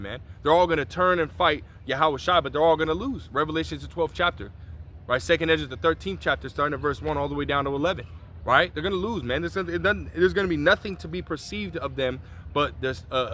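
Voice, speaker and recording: A man street-preaching outdoors in a loose, slangy, profane way, his voice bright and a little high. He breaks his scripture reading with frequent asides. Faint city traffic hums behind him.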